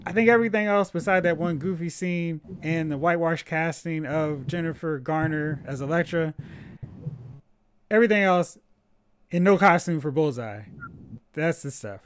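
Higher-voiced animated male podcast host. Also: a little hiss or hum. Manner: animated, opinionated, quick asides. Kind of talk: casual chat.

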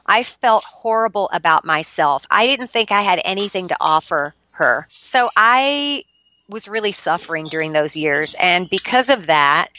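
A woman's voice: on the low side, lively intonation, moderate pace, bright, forceful tone, slight background noise. A middle-aged woman, a podcast guest, telling a personal story in an earnest, confessional and emotional way.

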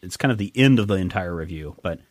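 A man's voice: low voice, animated, quick pace, no room sound, studio quality. A man hosting a podcast, talking enthusiastically about comics in a casual, rambling way. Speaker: podcast host.

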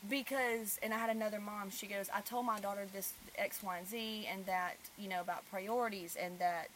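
Animated mother hosting a podcast. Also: mid-range voice, fairly quick, a little hiss or hum. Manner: animated storyteller, swings loud when telling stories. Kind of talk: casual podcast chat.

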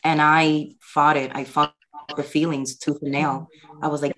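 A woman's voice: deep voice, level tone, a little slow, a bit bright. A middle-aged woman speaking earnestly and from the heart as a guest in a personal conversation.

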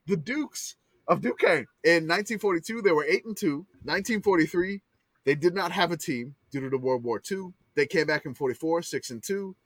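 A man with a somewhat high voice hosts a casual sports podcast, walking through old records with eager running commentary. His voice is close and dry, with no room sound around it. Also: expressive, a little fast, no room sound. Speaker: podcast host. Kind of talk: casual chat.

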